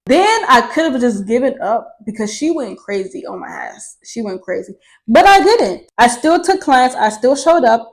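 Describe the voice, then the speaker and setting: Young woman on camera, a bit high-pitched, blunt and sweary, casual storytelling. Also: poor audio. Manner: candid and profane, swears freely; animated, with laughter. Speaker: vlogger telling her life story.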